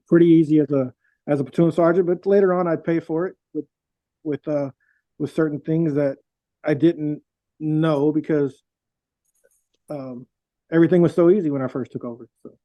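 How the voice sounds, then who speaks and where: A middle-aged veteran guest tells stories in a casual, rambling way, full of fillers and restarts. His voice is on the high side, and the recording sounds dull, dry, and lo-fi.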